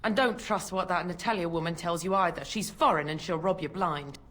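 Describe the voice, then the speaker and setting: A woman's voice: fairly low pitch, brisk, fairly bright tone, lightly acted. An actress playing a poor, resentful washerwoman who talks bluntly and coarsely. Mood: hawking. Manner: blunt, resentful, coarse working-class speech. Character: bitter poor washerwoman, grown sister.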